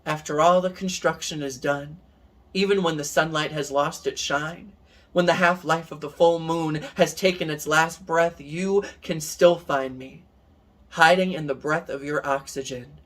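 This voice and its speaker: A man performing spoken word poetry in a measured, rhythmic way. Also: on the high side, steady tone, fairly bright tone. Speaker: guest poet.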